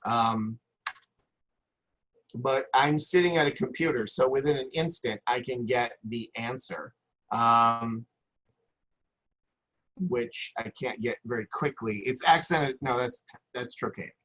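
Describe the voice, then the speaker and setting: A man's voice: medium pitch, slow, long pauses, a bit bright, poor audio. A man teaching a recorded lesson at his computer, rambling and hesitant, with frequent fillers and restarts. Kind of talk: recorded lecture.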